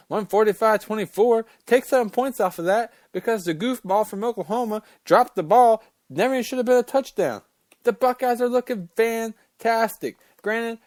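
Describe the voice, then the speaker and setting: A man's voice: sits high, a little mellow, no room sound. A man hosting a casual sports talk show, ranting about college football rankings in an opinionated, fired-up way and cussing as he gets worked up.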